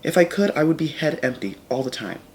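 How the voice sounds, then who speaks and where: A man's voice: fairly high pitch, lively intonation, fairly quick, slight background noise. A man talking to camera in a casual, reflective vlog, rambling and correcting himself as he goes. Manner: rambling, self-correcting, earnest. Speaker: vlogger.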